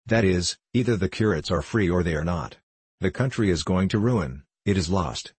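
A man reading the part of an angry, blustering middle-aged friar, sarcastic and loud. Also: sits low, expressive, moderate pace, husky, no room sound. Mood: indignant.

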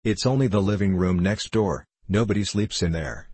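A man's voice: sits low, moderate pace, a little mellow, husky, dry recording. A man voicing an earnest, anxious young male clerk in an audiobook, insistent and eager to explain. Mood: urgent.

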